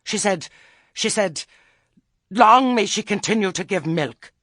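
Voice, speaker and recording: A man voicing a flustered rustic farmer who talks loudly and indignantly in an audiobook reading. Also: high-pitched, lively intonation, unhurried, no room sound, studio quality, voice pushed up, full character voice. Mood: agitated. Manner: loud, agitated and indignant.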